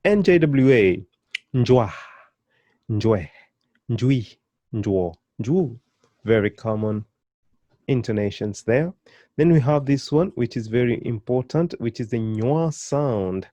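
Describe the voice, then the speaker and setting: A man leads a beginner pronunciation lesson, slowly and patiently drilling each syllable and praising the learner. His voice is mellow and unhurried, recorded dry and close with no room around it. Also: medium pitch, expressive, no room sound. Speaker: language teacher.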